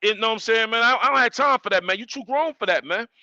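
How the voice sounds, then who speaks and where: A man's voice: very high voice, fast talker, dry recording, muffled recording. A man hosting a live stream, ranting emphatically and repeating his points. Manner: animated, emphatic, repeats himself. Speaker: livestream host.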